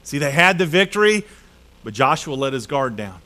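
Bright, high-voiced preacher. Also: male voice, normal speed. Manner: animated storytelling with acted-out voices. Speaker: pastor. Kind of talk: sermon.

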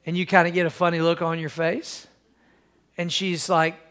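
Preaching at a moderate pace, a middle-aged male pastor speaks with a fairly bright tone and little pitch movement. He calls for amens and acts out everyday scenes, voicing quoted wives in a high pitch.

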